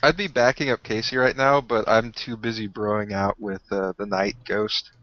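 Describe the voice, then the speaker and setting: A man playing a tabletop game, easygoing, with hammy in-character shouts. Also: fairly low pitch, fairly even intonation, moderate pace, no room sound. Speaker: player. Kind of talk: casual tabletop play. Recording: muffled, dry home recording.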